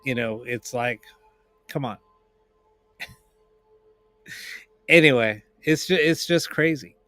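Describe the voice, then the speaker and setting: A man's voice: medium pitch, slow, sharp tone, dry recording. A man explaining paranormal audio apps on a live stream, rambling with many restarts and fillers. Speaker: paranormal investigator. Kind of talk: casual live-stream chat.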